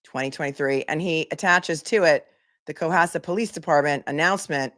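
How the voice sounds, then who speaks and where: A woman's voice: deep voice, a little fast, a bit bright. A woman attorney giving casual commentary, chatty and incredulous, reading posts aloud. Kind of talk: casual commentary on a legal case.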